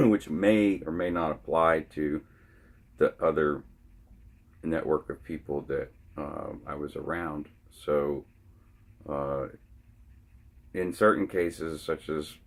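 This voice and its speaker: Slow, very deep-voiced man vlogging. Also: lively intonation. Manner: halting, frequently restarting his sentences. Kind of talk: casual opinion monologue.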